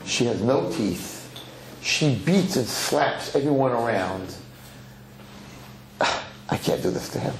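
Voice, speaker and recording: A man's voice: medium pitch, expressive, slow pace, vocal fry, long pauses, slight background noise. A man voicing an indulgent rich father. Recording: echoey hall, faint ambience.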